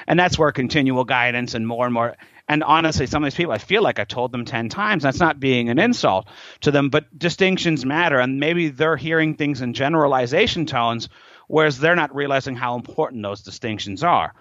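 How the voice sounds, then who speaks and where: A man's voice: mid-range voice, a little fast, dry recording. A man, a doctor guest in an interview, telling stories animatedly and acting out quotes. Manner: animated storyteller, acts out quotes. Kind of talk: casual interview talk. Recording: dry, dull lo-fi sound.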